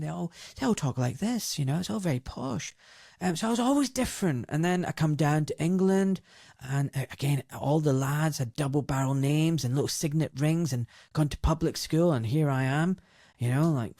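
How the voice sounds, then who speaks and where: A Scottish man in his fifties, a doctor and former surgeon, telling his story in an interview in a lively, outspoken way and acting out the voices he quotes. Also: a little high, moderate pace, no room sound, studio quality. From Glasgow, Scotland.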